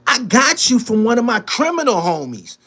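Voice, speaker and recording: A man's voice: very high-pitched, very animated, normal speed, pushed and bright. A man hosting his own show, delivering a heated, boastful, profane monologue and repeating himself for emphasis. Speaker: show host. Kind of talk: angry monologue to camera.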